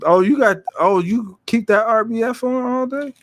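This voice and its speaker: A man's voice: extremely high pitch, normal speed, dry recording. A man in a casual group chat, ribbing a friend in a playful, slangy way.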